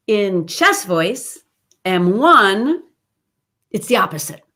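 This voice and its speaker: With a slightly high voice, a middle-aged woman leads a singing lesson over livestream. She explains with animation and bursts into song to demonstrate.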